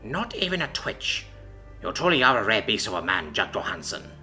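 A man voicing an imperious female dragon ruler who speaks in a measured, silky, threatening way. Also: fairly low pitch, big pitch swings, pushed and bright, exaggerated voice. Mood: cool menace. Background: faint background music.

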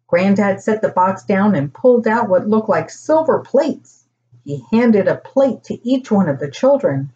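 Older lady reading a kids story, swoopy lively voice, bit muffled lo-fi sound. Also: a little slow. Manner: animated, pitching up for children's lines. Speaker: storyteller grandmother.

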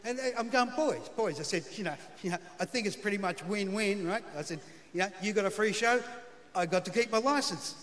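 On a big live TV stage in front of an audience, this middle-aged Australian man spins a comic tale laconically, building toward punchlines. His pitch is high, his pace slightly quick, and his tone fairly bright. Long hall reverb and faint crowd sounds fill the recording.

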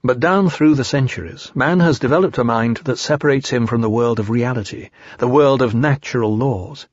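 A man reads an audiobook in a calm, measured way, with a husky voice at a middle pitch. The recording is dry, with no room sound. It also sounds dull and lo-fi. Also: dry recording. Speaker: audiobook narrator. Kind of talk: audiobook reading.

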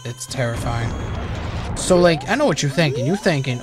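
A man's voice: mid-range voice, big pitch swings, moderate pace. A young man casually commenting on a video game as he plays, rambling and joking with lots of swearing. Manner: rambling, profane, jokey. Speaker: game streamer. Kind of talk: casual let's-play commentary. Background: game music.

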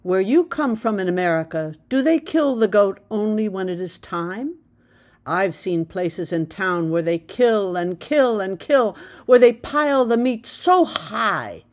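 A woman voicing a proud old male village elder who speaks slowly and emphatically, tender yet commanding. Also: medium pitch, lively intonation, close to an everyday voice. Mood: earnest. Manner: slow, emphatic, solemn.

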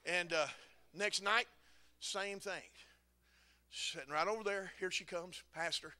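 A man, preaching a sermon as a folksy story with dry humor, rising at times to shouting. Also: high voice, slow pace, no room sound.

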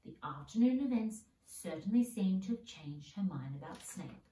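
Woman reader, storybook narration, mellow tone, distant roomy mic. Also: medium pitch, lively intonation, moderate pace, hardly any pauses. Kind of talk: storybook reading.

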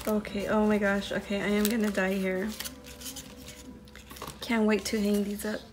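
A woman hosting a crafting video, unboxing mail from a friend and gushing over each handmade piece with excited exclamations. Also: mid-range voice, normal speed, background noise. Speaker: crafting channel host.

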